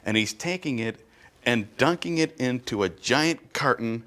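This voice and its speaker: A man's voice: medium pitch, a little slow. A middle-aged man performing a stand-up comedy routine, telling stories with punchy asides. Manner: animated storytelling with punchy asides.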